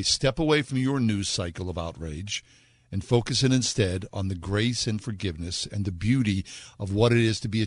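A man's voice: lowish voice, no echo. A man co-hosting a radio show, making an earnest fundraising appeal with repeated calls to give. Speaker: radio co-host.

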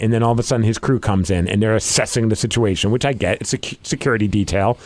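A man's voice: fairly low pitch, fast, no room sound. A man hosting a podcast, telling a long anecdote in casual chat, full of filler words and restarts. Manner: animated storyteller, lots of filler words. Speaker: podcast host.

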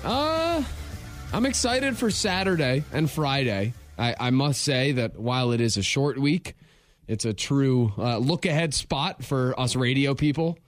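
A man's voice: medium pitch, no room sound, studio quality. Wry, rambling man on sports radio. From not from the show's town. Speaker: radio show co-host. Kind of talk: casual sports radio chat.

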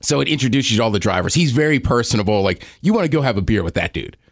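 A man's voice: medium pitch, big pitch swings, rapid-fire, no echo, clean studio sound. A man co-hosting a podcast, chatting casually and eagerly about sports and racing. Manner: enthusiastic, nerdy about racing. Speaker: podcast co-host.

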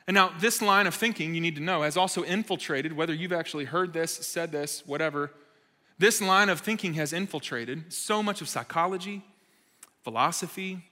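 A man's voice: a little high, bright, forceful tone. A man preaching to young adults, telling stories in a conversational, emphatic way with self-deprecating humor. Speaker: speaker at a young adults' church gathering. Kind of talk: sermon. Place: church meeting hall. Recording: reverberant hall sound.

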